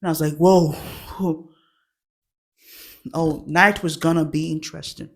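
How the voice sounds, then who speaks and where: A woman's voice: deep voice, steady tone, quick pace, gravelly, a bit bright. A woman hosts a comedy show, telling a chatty, self-mocking story. She breaks into laughter often and keeps a loose, conversational flow. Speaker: host. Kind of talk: comic storytelling.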